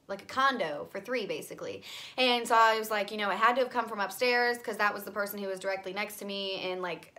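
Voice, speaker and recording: Young woman vlogger, bright voice, casual rambling storyteller with heavy filler words. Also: medium pitch. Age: young adult. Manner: rambling, filler-heavy, frequent "like" and "you know". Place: home bedroom.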